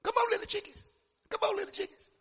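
A man voicing a fussy mother hen who calls her chicks in a high, sing-song voice during a sermon. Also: level tone, quick pace, a bit bright. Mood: coaxing.

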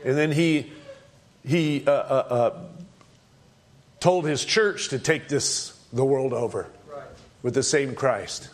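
A middle-aged male pastor delivering a sermon in a voice of middling pitch. He preaches with emphasis, leaping higher and louder to drive points home, then falling to low, quiet asides. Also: slow pace, long pauses.

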